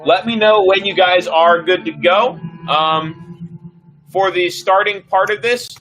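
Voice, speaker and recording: A man narrating a tabletop game as game master over a stream, easygoing and relaxed, with many filler words. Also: sits high, slow pace, soft background music, low-quality recording.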